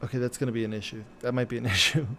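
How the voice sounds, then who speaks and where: A man streaming live as he programs, thinking aloud and questioning himself in halting, muttered phrases. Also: medium pitch, steady tone, sharp tone, a little hiss or hum.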